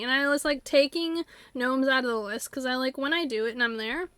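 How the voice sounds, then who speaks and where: Woman streamer, casual game-stream chatter; high and chatty, dry close mic. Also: quick pace, hardly any pauses, pushed and bright, no room sound. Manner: rambling, filler-heavy, bursts into silly character voices. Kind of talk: casual chat while live-streaming a game. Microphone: desktop USB mic.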